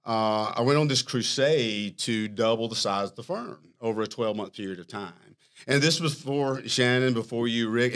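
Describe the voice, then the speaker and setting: A man, a company chief executive, telling a long story in a casual interview, animated and self-mocking, laughing as he talks. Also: medium pitch. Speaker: firm CEO, podcast guest.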